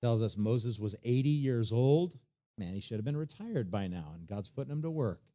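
Man preaching a lively, conversational sermon. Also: mid-range voice, normal speed. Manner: conversational preaching, lively swings between loud emphasis and quiet asides. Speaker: pastor.

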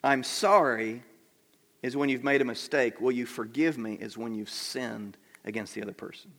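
A man's voice: medium pitch, moderate pace, fairly bright tone. A middle-aged man preaching a sermon to his congregation in a conversational way, asking them questions as he goes. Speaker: pastor. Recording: long reverb of a large hall.

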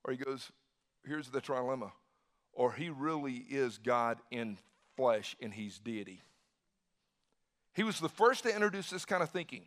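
A man preaching a sermon, swinging from quiet musing to loud bursts and repeating phrases for emphasis. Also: mid-range voice, animated, moderate pace, pauses often. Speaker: pastor.

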